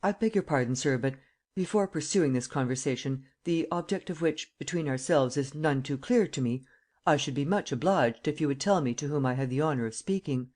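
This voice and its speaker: An audiobook reader voicing a proud, cool-headed gentleman thief in a prison cell, polite and ironic. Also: mid-range voice, a little fast, close to an everyday voice. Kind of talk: audiobook character reading.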